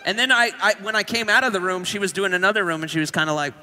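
A man co-hosting a live comedy podcast, telling a story in a halting, giggly way. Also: high voice, noisy background. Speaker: podcast co-host. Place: live stage before an audience.

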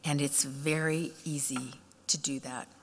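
A middle-aged woman speaks from a conference stage, telling stories and acting out the people in them. Her voice sits fairly low for a woman. A long reverb from the hall trails after her words. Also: measured pace, slightly rough. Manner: animated, acts out quoted voices. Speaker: keynote speaker. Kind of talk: storytelling keynote speech.

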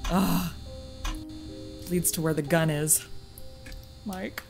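A young woman playing a horror game, talking to herself and shrieking when startled, then hushing to a mutter while hiding. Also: on the low side, fairly even intonation, slow, gravelly, over music. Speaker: gaming streamer. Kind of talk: horror game playthrough commentary.

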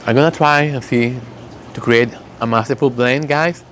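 A man making candles, talking in an emotional, heartfelt way and slowly reading out fragrance notes. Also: mid-range voice, a bit bright, slight background noise. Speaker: candle maker. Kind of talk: casual vlog talk.

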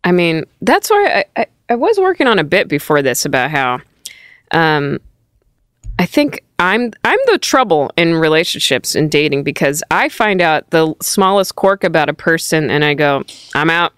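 A woman's voice: low voice, moderate pace, clean tone, dry recording, studio quality. A woman in her thirties, a comedian guest chatting casually in a self-deprecating way. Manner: giggly, self-deprecating, lively. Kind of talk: casual chat.

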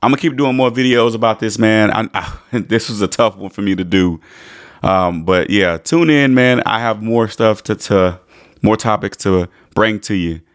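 A man's voice: fairly low pitch, moderate pace. A man vlogging as a sports fan, talking emotionally with stammering restarts and dramatic retelling.

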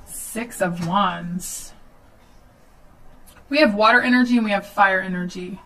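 A woman's voice: medium pitch, unhurried, fairly bright tone, distant mic, poor audio. Chatty woman giving a tarot reading. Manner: chatty, with filler ums and nervous laughs. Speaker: tarot reader. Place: at home.

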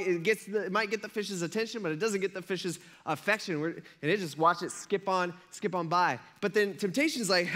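Male pastor, conversational sermon delivery, playful and animated, higher-pitched voice. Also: a little fast, hardly any pauses. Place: church service.

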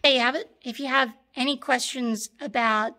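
In a workshop alongside a tank engine, an Australian woman who restores tanks films a tutorial on a phone in one hand. Her fairly high, slightly hoarse voice is bright, forceful, and steady at a moderate pace, and she explains patiently step by step, repeating the crucial points.

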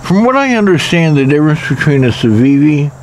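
A man's voice: a little high, big pitch swings, fairly quick, a little hiss or hum. A man casually reviewing a pocket knife in a rambling, wry way, with jokey asides.

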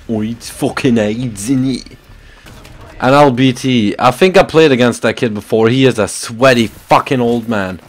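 A man's voice: medium pitch, normal speed. Belgian-accented man with a cold. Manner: casual, swears a lot, excitable outbursts. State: has a cold, slightly sore voice. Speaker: gaming channel host. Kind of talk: gameplay commentary.

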